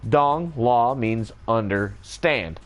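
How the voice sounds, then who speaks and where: A man's voice: mid-range voice, lively intonation, drawn-out words. A man in a rambling, joking casual monologue, swearing freely as he goes.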